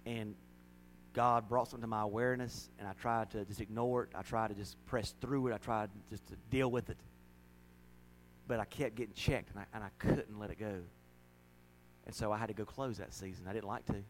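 A middle-aged man preaching a folksy, emotional sermon, breaking into laughs and sudden loud, high rises. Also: fairly even intonation, fairly quick, a little hiss or hum, low-quality recording. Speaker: pastor.

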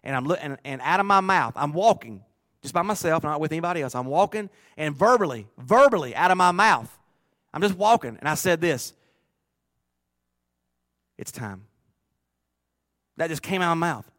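A middle-aged man preaching a sermon in a church, rising to loud bursts and dropping to soft, low asides. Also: lively intonation, brisk, no room sound, clean studio sound. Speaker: pastor.

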